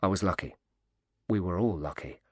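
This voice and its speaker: A grateful widowed father, as a male narrator reads him, soft-spoken and hesitant with quiet emotion. His voice is low and mellow, recorded dry and close. It sounds like a storybook thriller scene. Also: normal speed, no room sound. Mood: tender.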